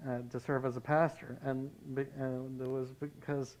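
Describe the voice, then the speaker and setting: A pastor leading a Bible study, talking in a conversational way and telling anecdotes. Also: male voice, mid-range voice, level tone, normal speed, a little mellow, poor audio.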